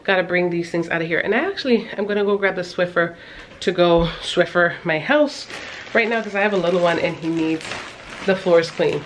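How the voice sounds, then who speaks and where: A woman's voice: fairly low pitch, brisk, slight background noise. A woman in her thirties chatting casually to her vlog viewers, rambling with lots of fillers and little laughs. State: out of breath. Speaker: mom vlogger.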